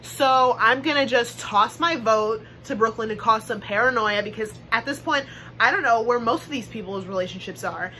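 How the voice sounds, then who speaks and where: A woman's voice: a little high, moderate pace, sharp tone, slight background noise, low-quality recording. A woman giving a blunt, gossipy confessional with plenty of swearing, as a player in a fan-made reality game roleplay. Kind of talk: confessional monologue.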